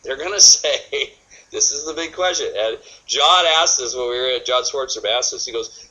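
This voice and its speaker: A man's voice: medium pitch, animated, moderate pace, sharp tone, highs cut off. A man giving a sales training talk, energetically acting out customers' thoughts in quoted voices.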